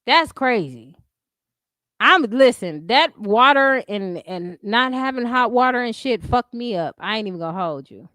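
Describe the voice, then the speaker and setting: A woman's voice: on the high side, animated, measured pace, bright, forceful tone, no echo, clean studio sound. A woman hosting a livestream, ranting in a profane, combative way and answering her chat in casual speech. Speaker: livestream host. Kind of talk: heated casual commentary.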